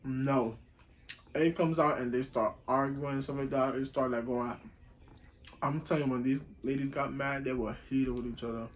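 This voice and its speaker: A young man telling a story casually while eating, slangy and rambling, getting loud when he acts out what people said. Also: medium pitch, moderate pace, poor audio. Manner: animated, acts out quoted lines loudly. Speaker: vlogger.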